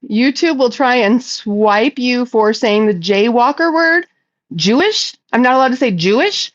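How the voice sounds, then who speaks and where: A woman with a fairly high voice chats casually on a livestream, reading out viewer comments and firing back bluntly, with plenty of swearing. Her voice comes through a slightly muffled, lo-fi recording. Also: animated, measured pace. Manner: blunt, profane and talkative.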